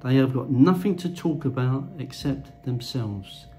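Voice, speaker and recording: A man's voice: mid-range voice, lively intonation, a little slow, dark tone, slight background noise, poor audio. A man delivering a blunt, crude ranting monologue to camera as a vlogger. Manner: blunt, crude, swears freely.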